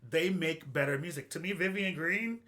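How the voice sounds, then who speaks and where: A man co-hosting a podcast, chatting casually and telling stories with lively, acted-out asides. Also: fairly high pitch. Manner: animated, quick storytelling with expressive quoted asides. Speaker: podcast co-host. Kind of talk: casual chat.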